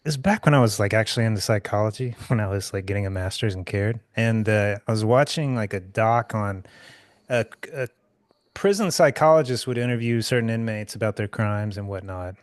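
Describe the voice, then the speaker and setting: A man's voice: lowish voice, brisk, no echo, studio quality. A man co-hosting a casual podcast, talking loosely with swearing and laughter. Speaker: podcast co-host. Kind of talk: casual chat.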